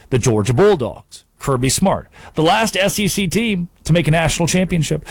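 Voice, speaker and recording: Male sports talk host, fairly high voice with big swings, sarcastic punch, dry studio sound. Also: no room sound. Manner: emphatic, animated, sarcastic. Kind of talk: sports talk radio monologue.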